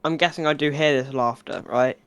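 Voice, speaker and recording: A man's voice: mid-range voice, fairly even intonation, a little fast, smooth, no echo. A man taking his turn in a tabletop role-playing game. He talks hesitantly and fills his speech with fillers. The sound is very dry and close, with no room around it. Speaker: player. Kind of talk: casual tabletop play.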